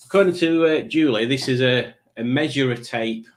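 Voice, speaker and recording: Middle-aged british bloke rambling through a live chat, jokey and self-mocking, keeps going off on tangents. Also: male voice, mid-range voice, normal speed, background noise. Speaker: livestream host.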